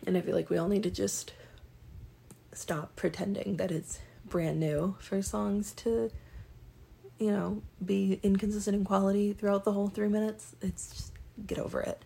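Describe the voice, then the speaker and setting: Raspy young woman rambling casually. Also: medium pitch, flat delivery, normal speed, warm tone. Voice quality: raspy, creaky. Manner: rambling, self-deprecating, many ums and restarts. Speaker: vlogger. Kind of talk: casual monologue.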